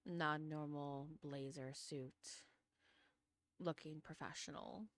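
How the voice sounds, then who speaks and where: A woman's voice: low voice, fairly even intonation, takes it slowly, fairly bright tone, no echo. A woman running a tabletop game as game master, describing scenes in a chatty way with plenty of fillers.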